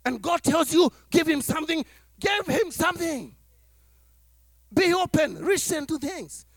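A man preaching a sermon as pastor to his church, animated, acting out little dialogues and laughing as he talks. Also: very high-pitched, measured pace, creaky, no room sound, clean studio sound.

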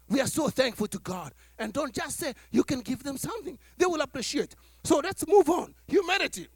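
A man preaching a sermon as pastor to his church, animated, acting out little dialogues and laughing as he talks. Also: extremely high pitch, no echo, studio quality.

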